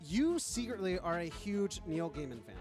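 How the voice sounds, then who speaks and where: A man's voice: high voice, very animated, normal speed, darkish tone, soft background music. A man co-hosting a podcast, talking in a chatty, jokey way. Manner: chatty, jokey, trails into laughs. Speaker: podcast co-host. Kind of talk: casual chat.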